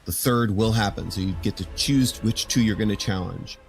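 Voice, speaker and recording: Slow low guy running a tabletop game, lots of ums, soft music behind. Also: creaky. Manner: slow, measured narration with fillers. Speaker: game master.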